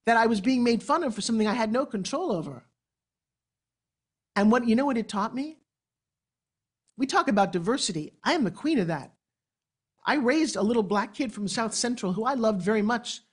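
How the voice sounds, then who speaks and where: A woman in her sixties from New York, with a New York accent, giving a motivational keynote speech on stage with dramatic, animated storytelling. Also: mid-range voice. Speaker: motivational speaker. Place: event stage before an audience.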